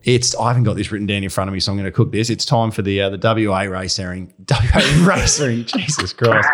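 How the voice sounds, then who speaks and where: A man's voice: fairly low pitch, fairly bright tone. An Australian man giving racing tips on a podcast, rambling casually about betting. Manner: rapid, rambling betting talk. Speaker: racing tipster.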